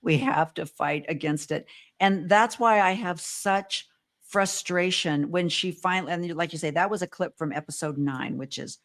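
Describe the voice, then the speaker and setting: Female host, lively and exclamatory, slightly low voice, casual conversation. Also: moderate pace. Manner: animated, exclamatory. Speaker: podcast host. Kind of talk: casual chat.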